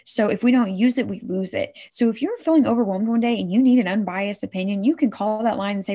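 Animated woman, keeps saying "right?". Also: fairly high pitch, a little fast, hardly any pauses. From Oklahoma. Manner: animated, says "right?" often, acts out quotes. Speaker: guest, suicide prevention worker. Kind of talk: conversational interview.

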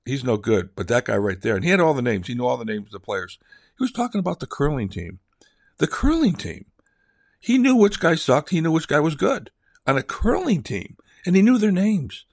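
Gravelly older man telling a rambling story. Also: fairly high pitch, big pitch swings, brisk, dry recording, clean studio sound. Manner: chatty, digressive, lots of fillers and restarts; acts out quoted voices for comic effect.

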